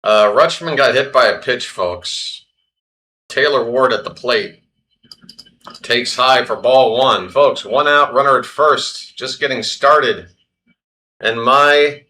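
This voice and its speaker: A man's voice: mid-range voice, slow, pushed and bright. A man hosting a live baseball stream, doing casual play-by-play in a flustered, self-deprecating way and talking to himself.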